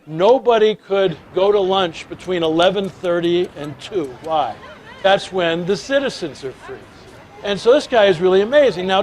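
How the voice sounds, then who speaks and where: A middle-aged man giving a storytelling lecture on leadership, with animated anecdotes that swing from loud to hushed. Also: fairly high pitch. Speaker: speaker on leadership.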